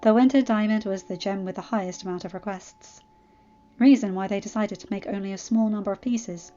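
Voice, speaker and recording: A woman calmly reading fan fiction aloud as narrator. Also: mid-range voice, lo-fi sound. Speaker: audiobook reader.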